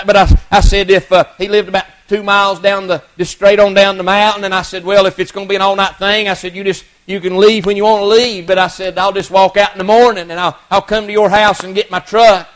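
Man, middle-aged, preacher; high-pitched, folksy storytelling sermon. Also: level tone, brisk, a bit bright, low-quality recording. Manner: folksy, earnest, many restarts and repeated words.

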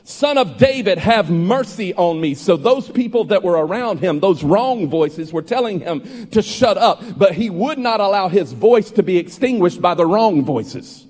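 High-voiced preacher in a reverberant hall. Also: male voice, lively intonation, normal speed, hardly any pauses. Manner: builds to loud, ringing emphasis. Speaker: pastor. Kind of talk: sermon. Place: church sanctuary. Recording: long hall reverb with faint music.

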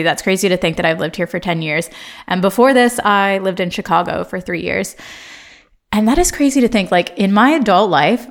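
American woman in her 30s rambling on her podcast, lots of likes, laughs a lot. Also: on the low side. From Ohio, USA. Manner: chatty, filler-heavy, laughs often. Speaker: podcast host. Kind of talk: casual solo podcast monologue.

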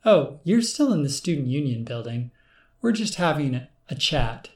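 A man reading an audiobook, voicing a calm, commanding male clone of the narrator who speaks in an assured, cryptic way. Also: on the high side, normal speed.

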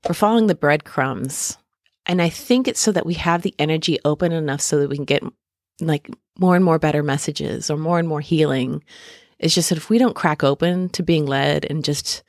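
A woman's voice: on the low side, dry recording. Woman host, casual self-deprecating chatter, dry close recording. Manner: chatty and self-deprecating, laughs often, lots of ums and likes. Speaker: podcast host doing a tarot reading. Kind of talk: casual spiritual podcast monologue. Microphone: podcast mic.

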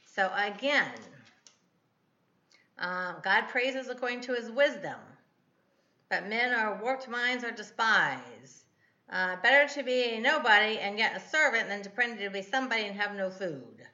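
A woman's voice: medium pitch, expressive, measured pace, sharp tone, roomy sound, lo-fi sound. A woman in her fifties, a podcast host rambling and correcting herself in a casual devotional talk. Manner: chatty, rambling, self-correcting.

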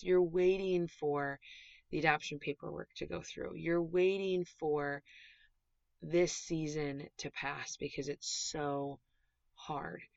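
A woman hosting her own podcast as a dog trainer, chatty and animated, gushing as she talks in a casual way. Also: deep voice, gravelly, dry recording. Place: small closet recording space. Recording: dull, dry closet recording.

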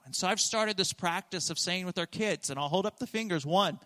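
A man's voice: high voice, fairly quick, hardly any pauses, fairly bright tone. A man preaching a sermon as pastor, earnest and emphatic, repeating his key phrases for weight, in a church sanctuary. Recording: long reverb of a large hall.

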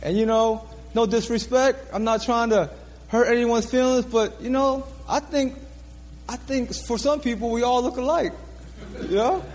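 A man's voice: extremely high pitch, steady tone, measured pace, darkish tone, long reverb tail. A man preaching a sermon, telling his own story earnestly, repeating phrases for emphasis and laughing at himself. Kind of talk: sermon testimony.

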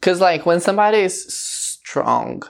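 A woman's voice: lowish voice, animated, unhurried, creaky. A woman hosting a casual song reaction vlog, chatty and gushing, with lots of fillers. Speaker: vlog host.

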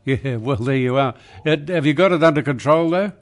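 Firm older radio host. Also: male voice, medium pitch, fairly quick. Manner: firm, reassuring, a bit gruff. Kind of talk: talkback radio chat.

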